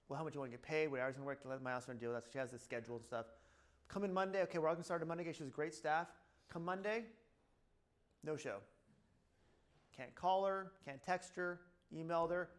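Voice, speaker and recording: A middle-aged man with a slightly high voice tells offhand stories about his clinic. He jumps between his own words and acted-out quotes, and he fills his lines with "blah, blah.". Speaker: chiropractor speaking at a seminar. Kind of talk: casual talk to a room.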